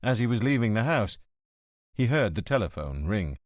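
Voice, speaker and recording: Narrador de audiolivro, homem, entonação muito viva, som seco de estúdio. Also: male voice, fairly low pitch, sing-song, normal speed, no room sound, studio quality. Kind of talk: scripted narration.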